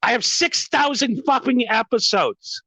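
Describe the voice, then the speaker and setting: A man's voice: very high voice, expressive, measured pace, bright, forceful tone, no echo. A man hosting a podcast, ranting in a profane, emphatic, repetitive way. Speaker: podcast host.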